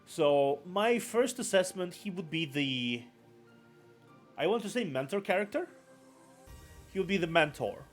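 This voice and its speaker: A man talking through a live stream in a loose, meandering way, circling back to repeat his points. His voice sits a bit higher than most men's. Soft music plays faintly underneath. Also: animated, unhurried, pauses often. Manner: rambling, repeats his phrases. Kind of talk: casual live-stream commentary.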